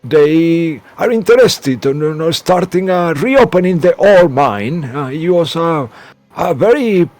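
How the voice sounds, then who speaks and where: Hesitant, lively-voiced game master. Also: male voice, fairly high pitch, a little slow. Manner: hesitant, many fillers and restarts. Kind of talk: improvised tabletop narration.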